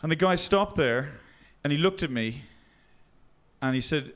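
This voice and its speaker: A man telling a stand-up story in a halting, deadpan way on a club stage. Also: a little high. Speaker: stand-up comedian.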